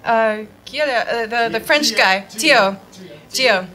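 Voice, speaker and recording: A woman's voice: on the high side, slow, bright, forceful tone. A woman from the US doing a casual, rambling stand-up set on a handheld mic, laughing at her own jokes. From Detroit, USA. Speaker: stand-up comedian. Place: bar with live audience. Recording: live club audience noise. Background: audience laughter.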